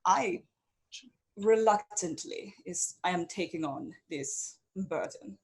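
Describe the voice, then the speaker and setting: Haughty noblewoman read by a woman, defensive, low voice. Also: lively intonation, slow pace, breathy edge, heavily acted. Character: proud noblewoman claiming the town's rule.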